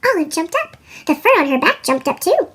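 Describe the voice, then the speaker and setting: A woman reading a children's picture book aloud in an animated storytelling manner, her voice sped up into a chipmunk pitch. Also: a little fast. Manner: animated, sing-song storytelling. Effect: sped-up chipmunk pitch shift. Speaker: storybook reader.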